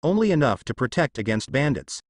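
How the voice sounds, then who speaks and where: A man playing a tall, deep-voiced fighter who answers in a curt, unbothered way, with a lively pitch. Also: brisk, no echo. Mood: bored, blunt.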